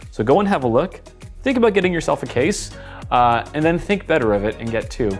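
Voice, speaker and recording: Relaxed man talking through a wine tasting. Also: on the high side, fairly quick, faint music behind. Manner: relaxed, thinking aloud with many fillers. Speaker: wine taster for a wine seller. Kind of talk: casual product tasting talk.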